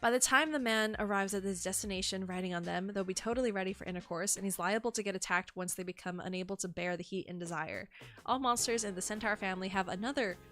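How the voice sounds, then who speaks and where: A young woman streaming, who reads entries aloud calmly and breaks into shocked, swearing exclamations. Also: mid-range voice, fast talker, soft background music. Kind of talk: live-stream reaction and reading aloud.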